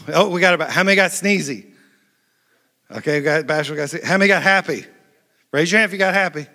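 High, bright-voiced preacher in an echoey hall. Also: male voice. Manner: playful, animated preaching with crowd interaction. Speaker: pastor. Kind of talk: lively sermon. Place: large church hall. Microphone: handheld microphone.

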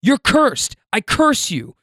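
A man voicing an indignant older male stranger who hurls accusations and curses in shrill outbursts. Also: wildly swooping pitch, takes it slowly, sharp tone, no room sound, clean studio sound, exaggerated voice. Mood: accusing, shouting.

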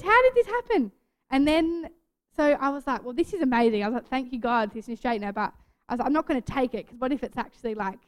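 A woman's voice: high-pitched, clear, resonant tone. A young woman telling a chatty personal story in a casual devotional talk to a youth group, full of "like" fillers.

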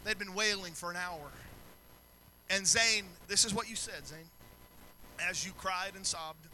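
A middle-aged male pastor preaching a sermon in a church, moving from quiet storytelling to shouted preaching. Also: high voice, measured pace, slight background noise, rough recording.

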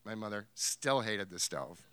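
A man's voice: fairly low pitch, expressive, unhurried, fairly bright tone, clean tone. A man from New Hampshire telling a wry, amused family story to a live theater audience. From New Hampshire, USA. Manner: wry, amused, laughs through his story. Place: theater stage.

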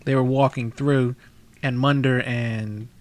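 A man's voice: medium pitch, steady tone, takes it slowly. Casual man chiming in on a chat. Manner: chimes in with short agreements and quoted lines.

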